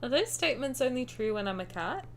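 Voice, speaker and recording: A young woman streaming a game who reads the story aloud and gushes between lines. Her voice sits fairly high and swings widely, and she giggles often. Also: brisk, gravelly, slight background noise. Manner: giggly, animated, gushing. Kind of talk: reading game text aloud and chatting.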